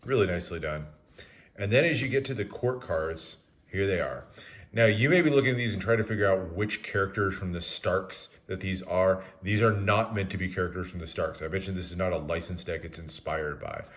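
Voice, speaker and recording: Deep-voiced man reviewing a card deck. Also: a little fast. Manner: relaxed, methodical, frequent "uh" fillers. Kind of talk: casual product review narration.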